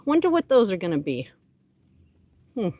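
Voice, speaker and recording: A woman's voice: medium pitch, big pitch swings, normal speed, mellow, dry recording. A woman livestreaming casual chat from her home garden, talking to her plants by name and filming on a handheld phone. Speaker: livestream host.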